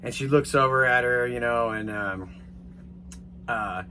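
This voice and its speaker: A bright, forceful-sounding man tells a rambling story in a casual, animated way, swearing now and then. His voice sits at an ordinary pitch, and a faint hum runs under the recording. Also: measured pace. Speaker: vlogger.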